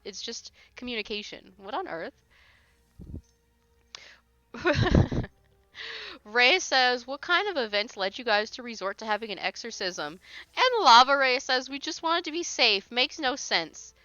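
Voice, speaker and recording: Woman live-streamer, casual chat, blunt and exasperated, crisp tone, slightly lo-fi mic. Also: a little high, sharp tone, no echo. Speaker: streamer reading paranormal posts.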